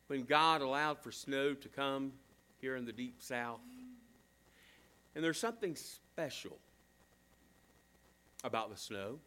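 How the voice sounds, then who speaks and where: A man preaching a sermon as a pastor, swinging between emphatic fast bursts and slow hushed phrases. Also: a little high. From southern United States.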